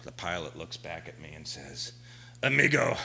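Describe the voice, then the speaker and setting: A man performing a live stage monologue, telling an adventure story dramatically, swinging from hushed to shouting. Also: extremely low pitch, little pitch movement, normal speed, poor audio. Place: small theater stage.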